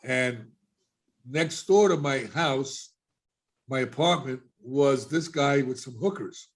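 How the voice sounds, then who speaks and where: Animated male storyteller. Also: mid-range voice, slow. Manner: animated storyteller, acting out quoted voices. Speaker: guest. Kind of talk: casual storytelling.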